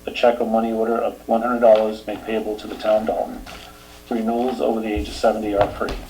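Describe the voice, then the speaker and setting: A man with a Boston accent chairing a town meeting, reading announcements steadily and trailing off quietly. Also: lowish voice, little pitch movement, fast, a little hiss or hum, low-quality recording. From Boston area. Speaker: board chair.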